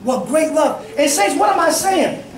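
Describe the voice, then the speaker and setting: A middle-aged man, a bishop preaching a sermon, telling stories with fervor and frequent shouts. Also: extremely high pitch, expressive, moderate pace, background noise. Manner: fervent, storytelling, often shouting. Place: church sanctuary. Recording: echoey church from a distance, congregation audible.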